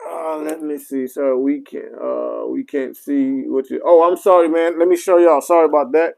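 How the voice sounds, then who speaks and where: A man's voice: fairly high pitch, steady tone, normal speed, vocal fry, a little mellow, low-quality recording. A man, a barber, chatting casually on a live stream and talking straight to his viewers, with many apologetic asides and fillers. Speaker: barber reviewing clippers.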